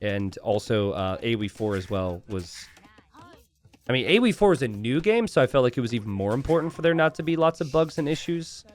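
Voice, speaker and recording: A man giving casual strategy game commentary, chatty with relaxed asides, then bursting into excited shouts and laughter at big plays. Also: mid-range voice, fairly quick. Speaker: game caster.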